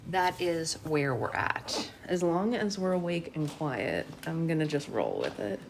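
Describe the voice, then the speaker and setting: Chatty young mother, slightly low voice. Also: very animated, a little slow, creaky, noisy background. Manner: rambling and chatty, with sing-song baby talk to her daughter. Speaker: live-stream host and mother. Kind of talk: casual live-stream chat.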